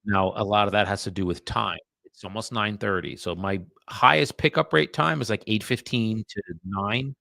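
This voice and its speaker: Blunt, gravelly man, close and dry. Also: fairly low pitch, normal speed, hardly any pauses, bright, forceful tone, no room sound. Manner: blunt, profane, chatty, addresses viewers as guys. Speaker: real estate agent streaming live calls. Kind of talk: casual live-stream chat.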